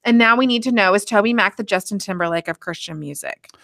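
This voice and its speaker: A woman reading listener questions aloud to podcast hosts in a brisk manner. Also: mid-range voice, gravelly, bright, forceful tone. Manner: brisk, reads with filler "um, okay".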